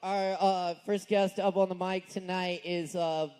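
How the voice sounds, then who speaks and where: A man's voice: high voice, flat delivery, a little slow, a little mellow, smooth. Easygoing man hosting an open mic. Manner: easygoing, chatty, hesitant fillers. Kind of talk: casual stage hosting. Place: live open mic at a bar.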